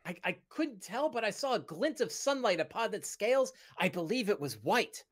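A man voicing a cautious adventurer companion who worries and gently advises against danger. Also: high voice, sing-song, moderate pace, voice pushed up. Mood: uneasy.

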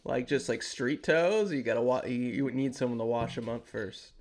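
A man's voice: medium pitch, normal speed, a little hiss or hum. A man hosting a podcast in casual chat, teasing his co-host and often restarting his sentences.

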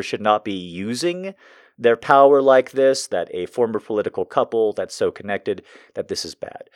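A man's voice: fairly low pitch, big pitch swings, normal speed, no room sound, clean studio sound. A man from the United States delivering a heated, profane and emotional political rant as a commentator.

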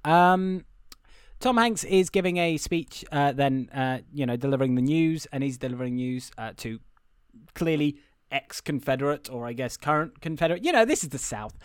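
Young guy rambling thru a movie plot, swears a lot, highish voice, dry sound. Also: lively intonation, moderate pace, clear, resonant tone, no room sound. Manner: rambling, profane, amused. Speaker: podcast host. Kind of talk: casual film recap.

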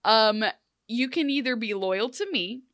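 A woman's voice: fairly high pitch, expressive, unhurried, a bit bright, no room sound, studio quality. A woman voicing a blunt male pirate captain, casual and matter-of-fact. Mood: offhand.

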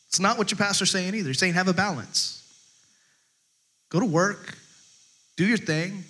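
Man, pastor, sermon, chatty, humorous, high-pitched, bright tone. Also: normal speed, pauses often. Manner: chatty and humorous, lots of restarts and acted-out quotes.

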